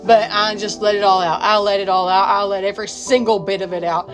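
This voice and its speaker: A woman's voice: medium pitch, little pitch movement, fairly quick. A woman giving a raw personal testimony, repeating herself and swearing freely as she talks. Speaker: mother and business owner telling her story. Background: music.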